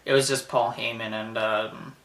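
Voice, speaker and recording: A man chats loosely on his vlog and laughs often, circling back through his sentences. His voice is bright and a little off-mic, and a roomy echo surrounds it. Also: mid-range voice, little pitch movement, normal speed, distant mic. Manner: rambling, laughs often, many fillers and restarts. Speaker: vlogger recapping a wrestling show. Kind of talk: casual chat.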